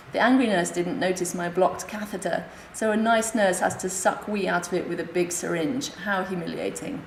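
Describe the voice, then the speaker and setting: A woman's voice: on the low side, vocal fry. Dry, wry woman reading aloud at a talk, roomy echo, bit of hiss. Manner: wry, deadpan, quick. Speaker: conference speaker. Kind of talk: reading a comic illustrated memoir aloud. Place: hospital conference room. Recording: echoey lecture room, faint hiss.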